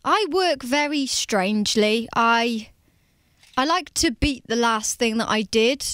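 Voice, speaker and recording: A woman's voice: on the high side, lively intonation, takes it slowly, fairly bright tone, smooth, dry recording, studio quality. A young woman from England with an English accent, a guest chatting candidly and self-deprecatingly in a radio interview. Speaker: guest singer.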